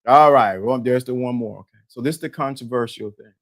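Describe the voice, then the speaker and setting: A man hosting a live-stream talk show, animated and laughing, repeating himself and talking to the chat. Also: medium pitch, a little fast. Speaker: host.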